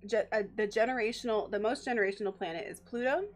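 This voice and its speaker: A woman's voice: a little high, fast, soft background music. A woman guest explaining astrology in a casual chat, laughing often and using many fillers.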